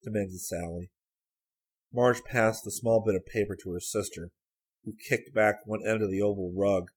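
A man reading a story aloud as an audiobook narrator, in a measured, even storytelling manner. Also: fairly low pitch, husky. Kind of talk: scripted narration.

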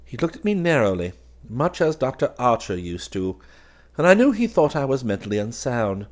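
A man reading a gothic story aloud in the first person with dramatic, expressive delivery. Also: mid-range voice, normal speed. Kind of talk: scripted narration of a gothic story.

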